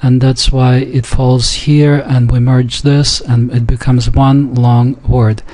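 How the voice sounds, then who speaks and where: A man's voice: mid-range voice, flat delivery, slow pace, darkish tone. A man teaching a pronunciation lesson, going through numbered examples methodically and repeating each sentence. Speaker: language teacher.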